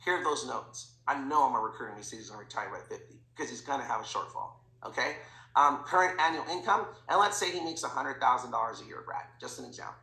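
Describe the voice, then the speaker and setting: Energetic man with a bright, gravelly voice. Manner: fast, animated, slips into quoted voices. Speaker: sales team leader. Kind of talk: training talk with acted dialogue. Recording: echoey room with faint rumble.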